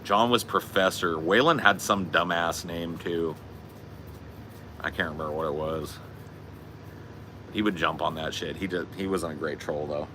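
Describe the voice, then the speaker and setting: A man hosting a podcast, telling a story in a profane, laid-back, animated way. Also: low-pitched, a little slow, long pauses, noisy background. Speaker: podcast host. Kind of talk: casual chat, storytelling.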